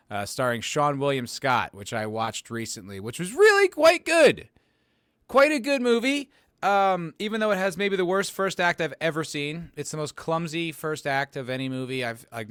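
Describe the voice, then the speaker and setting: A man's voice: fairly high pitch, animated, normal speed, fairly bright tone, smooth, dry recording, clean studio sound. A man hosting a podcast livestream and reading chat messages aloud, rambling casually, swearing and poking fun at himself. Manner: rambling, profane and self-mocking.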